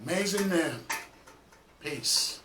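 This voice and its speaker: A man's voice: high voice, slow. A man hosting a reaction video, giving laid-back, slangy commentary. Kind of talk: casual chat. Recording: echoey room, distant mic.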